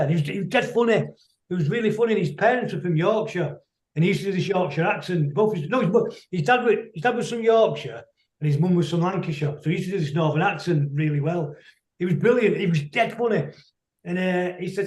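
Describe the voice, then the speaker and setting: A middle-aged man, a musician telling rambling, anecdotal stories as a guest on a video call, quick to laugh. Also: high voice, expressive, a little mellow, reverberant. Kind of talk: casual storytelling interview.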